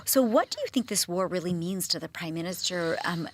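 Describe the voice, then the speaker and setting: A woman hosting a news interview, chatty and quick in her questioning. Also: lowish voice, animated. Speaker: news host.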